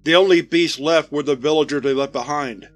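Casting: man doing a starving monster-man, slow and begging, fairly high voice, faint music under it. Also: close to an everyday voice. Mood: pleading. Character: starving, pleading monster-man soldier, apologetic.

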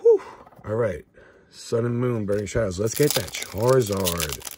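Against background noise, a young pack-opening channel host with a low voice talks a little slowly while casually naming cards, sometimes stumbling over them. He gets excitable, shouting and whooping when he hits big pulls.

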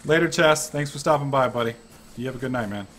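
A man giving casual commentary over his own gameplay, excitable and swearing freely. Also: mid-range voice, fast talker, slight background noise. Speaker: let's-play gamer.

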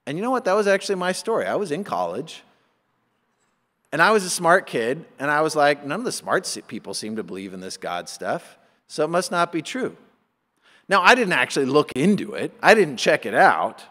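A middle-aged man preaches in a church, his fairly high voice swinging widely as he acts out the people he quotes. The sound carries a long hall reverb that trails after each phrase. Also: normal speed. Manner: animated, acts out quoted voices with rising pitch. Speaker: pastor. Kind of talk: sermon.

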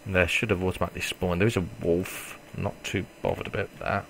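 Guy rambling through a game, cursing, muttering to himself, deep gravelly voice. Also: level tone, brisk, slight background noise. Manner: swearing, self-mocking, reacts loudly then mutters. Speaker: gamer. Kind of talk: casual let's play commentary.

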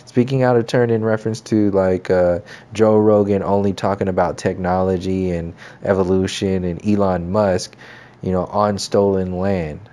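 A man with a somewhat low voice and a mellow, dark tone talks alone in a casual, meandering monologue. He stumbles over words, repeats himself and swears freely as he goes. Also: steady tone, moderate pace. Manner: rambling, profane, many restarts and fillers. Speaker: channel host.

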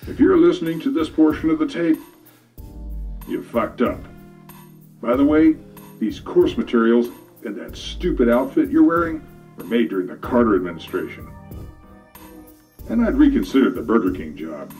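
A man's voice: medium pitch, very animated, normal speed, pauses often, a little mellow, recorded from a distance, soft background music, pitched below the performer's own voice, lightly acted. A man voicing a crude, slangy male narrator of a pimp training tape, speaking in a mock-instructional way.

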